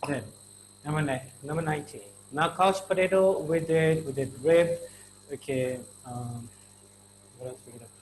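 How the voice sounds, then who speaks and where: A man's voice: on the high side, normal speed, darkish tone, a little hiss or hum, low-quality recording. A man with an Indian English accent teaching slang in a chatty, informal lesson, full of fillers and acted-out little dialogues.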